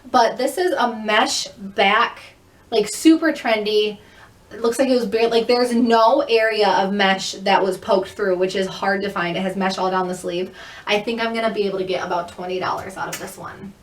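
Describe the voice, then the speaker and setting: A woman chatting quickly and upbeat as she shows off a thrift haul in a casual vlog. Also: medium pitch. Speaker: thrift reseller vlogger. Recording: echoey room, mic at a distance.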